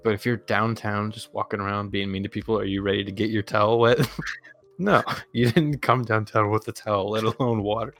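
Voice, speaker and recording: A man with a fairly low voice chats casually as a podcast co-host. He rambles through stories and laughs often along the way. Faint music sits behind him. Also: fairly even intonation, a little fast, fairly bright tone. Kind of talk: casual chat.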